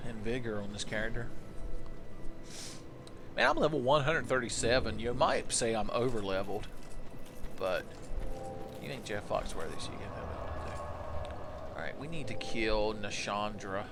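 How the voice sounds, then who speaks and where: A man's voice: fairly low pitch, lively intonation, normal speed, pauses often, music in the background. A man streaming a game live, chatting casually and joking as he rambles through questions from his chat.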